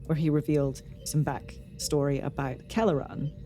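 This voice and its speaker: A woman co-hosts a podcast in a loose, rambling chat. Her voice sits low with a mellow, soft tone, and music plays faintly underneath. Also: steady tone, normal speed. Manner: chatty, rambling, with many likes. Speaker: podcast co-host. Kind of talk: casual chat.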